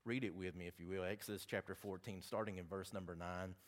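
A man with a Southern accent preaching a sermon, reading scripture and making folksy, animated asides to the congregation. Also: deep voice, fast talker.

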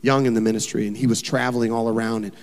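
A male pastor preaching a sermon in an animated, emphatic way, full of rhetorical questions. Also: mid-range voice, very fast. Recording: long hall reverb.

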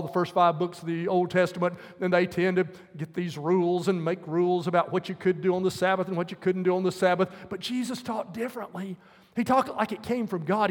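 A man's voice: high voice, in a large hall. A male preacher giving a sermon, earnestly explaining scripture verse by verse.

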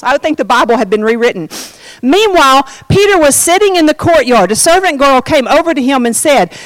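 A woman's voice: sits high, a bit bright, dry recording, rough recording. A woman leading an informal Bible study, chatty and jokey, often breaking off mid-sentence. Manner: chatty, self-interrupting, jokey asides.

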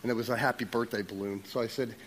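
A man telling a personal testimony to his church, narrating the story with lively quoted dialogue. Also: mid-range voice, fast, big-room sound, slight background noise. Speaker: church member sharing a testimony.

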